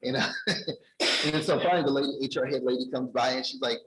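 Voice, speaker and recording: A man's voice: mid-range voice, a little fast, a bit bright, a little hiss or hum, low-quality recording. A man at a conference telling an audience a personal story, acting out the dialogue in a raised voice. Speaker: conference speaker. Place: conference ballroom.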